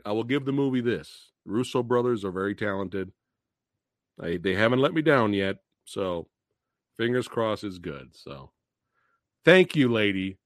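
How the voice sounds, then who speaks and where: A man hosting a live stream, reacting to movie trailers in a profane, animated way, laughing and booing. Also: lowish voice, no echo, studio quality.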